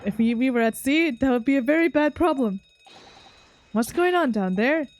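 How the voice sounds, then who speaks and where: A gruff, blustering ship's crewman, put on by a woman reading a game aloud. He speaks loud, barking broken English in a pitch raised above her usual voice. Faint music plays behind him. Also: expressive, normal speed.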